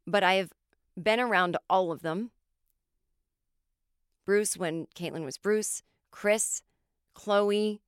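An American woman hosting a podcast, telling comic stories in an animated way, swearing freely and acting out the people she quotes. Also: medium pitch, clear, resonant tone, dry recording, clean studio sound. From United States. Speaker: podcast host, comedian. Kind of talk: comic storytelling monologue.

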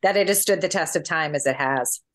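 A woman's voice: deep voice, fairly quick. Gracious woman podcast host. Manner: gracious, thanking and promoting. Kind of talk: interview wrap-up.

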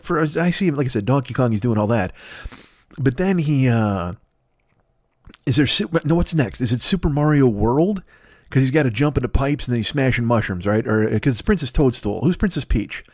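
A man's voice: mid-range voice, darkish tone, no echo. Rambling profane man, dry close mic. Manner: rambling, profane, laughing at his own jokes. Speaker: podcast host. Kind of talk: late-night solo comedy rant.

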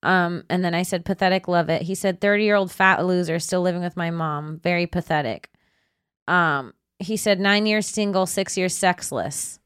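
A woman's voice: lowish voice, moderate pace, fairly bright tone, smooth, no room sound. Woman podcast host roasting people, swears a lot, laughs constantly, dry close sound. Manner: crude, laughing, teasing. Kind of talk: casual comedic roast.

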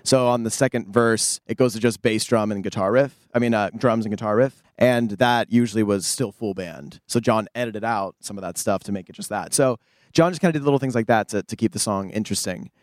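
A man's voice: on the low side, a little fast, no room sound. A young man from the United States who plays in a rock band, telling a studio story in an interview, acting out quotes and humming riffs. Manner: animated storyteller, acts out quotes and hums riffs. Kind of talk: casual interview anecdote.

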